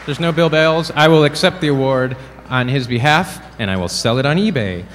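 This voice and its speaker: A man's voice: medium pitch, animated, a little fast, a bit bright. A man presenting awards at a dinner, playful and wisecracking between announcements. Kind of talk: joking awards emcee. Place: large banquet hall. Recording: reverberant hall, crowd and noise behind.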